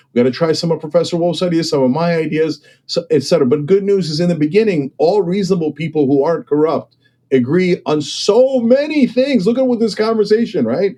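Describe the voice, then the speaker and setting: A man argues politics with emphatic, persuasive energy, tossing in "okay?" and "right?" to drive points home. His voice sits a bit high, yet its tone is dark and mellow. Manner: acts out other people's voices when quoting them. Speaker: political commentator and guest. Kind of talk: impassioned political discussion.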